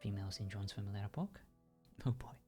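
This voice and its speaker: A man's voice: fairly low pitch, fast talker, dark tone, soft background music. A man hosting a joking mock podcast in a gaming voice chat, teasing his friends and laughing often. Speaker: host of a mock podcast in a game stream. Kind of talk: casual voice chat banter.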